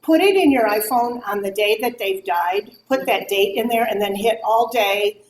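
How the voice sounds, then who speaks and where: A middle-aged woman talks frankly about grief to a group of mothers, animatedly mimicking the remarks people directed at her. She has a medium-pitched voice at a normal speed. The echoey room adds faint ambience along with a little hiss or hum.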